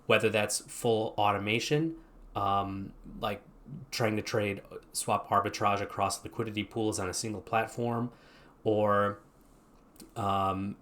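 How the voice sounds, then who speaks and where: A man with a lowish voice talks through a screen-share explainer as the channel's host. He thinks aloud and wanders a little as he goes, keeping it relaxed and conversational. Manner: thinking aloud, loose and meandering.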